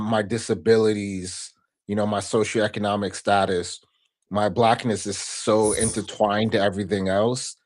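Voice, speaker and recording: A man speaking as a podcast guest, earnest and reflective, often tagging his points with a questioning "right?". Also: lowish voice. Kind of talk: casual interview conversation.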